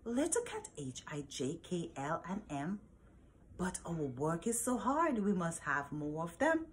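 A woman's voice: on the low side, sing-song, unhurried, slight background noise. A woman voicing a mischievous, bossy male cat in a tall hat, exclaiming and coaxing as she reads a storybook aloud.

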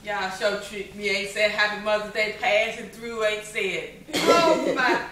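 A mother in her home, chatting excitedly and laughing with delight, recorded on a handheld phone. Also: mid-range voice, unhurried, reverberant. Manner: exclaiming, laughing, overjoyed. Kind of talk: excited casual home chat. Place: family home indoors.

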